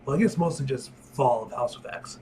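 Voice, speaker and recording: A young man giving a casual comic-book reaction, excited, swearing and saying "like" and "bro" often. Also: medium pitch, brisk, slight background noise.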